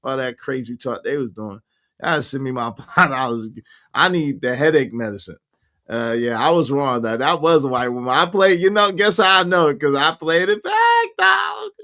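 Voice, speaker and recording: A man speaks at normal speed in a mid-range voice that swings widely in pitch, his tone bright and forceful. He hosts a casual livestream, reading viewer comments out loud in an emphatic, slangy way and laughing frequently. The talk is casual chat.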